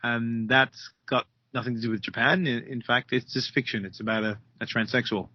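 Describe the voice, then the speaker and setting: Author from Jamaica on a dull call line. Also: male voice, mid-range voice, fairly even intonation, brisk, no room sound. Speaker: guest author. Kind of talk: interview over a call. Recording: dull, dry remote call audio.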